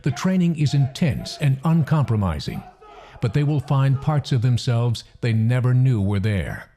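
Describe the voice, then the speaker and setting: Solemn male documentary narrator, dark tone. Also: mid-range voice, expressive, normal speed, some chatter behind. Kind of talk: scripted narration.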